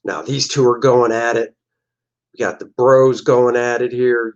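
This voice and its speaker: A man's voice: medium pitch, flat delivery, measured pace. A man, a comic book artist, chatting casually and joking on a livestream while looking back over his pages. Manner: joking, chatty, acts out characters' lines.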